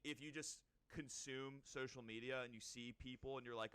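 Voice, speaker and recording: A young man co-hosting a podcast, chatting casually in a rambling way with quick restarts. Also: medium pitch, steady tone, pushed and bright, clear, resonant tone, dry recording. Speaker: podcast co-host. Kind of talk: casual chat.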